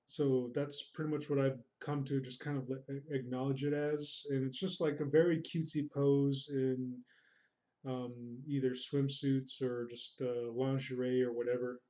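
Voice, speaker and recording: A man's voice: medium pitch, little pitch movement, unhurried, darkish tone. A man streaming his drawing, chatting casually, reading out chat comments in a rambling, self-deprecating, goofy way.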